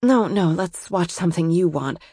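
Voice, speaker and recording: A woman voicing a calm, wary young woman with a dry wit and a low, steady way of speaking, in an audiobook. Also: moderate pace, husky, no room sound. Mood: quiet. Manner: low, steady, quiet delivery.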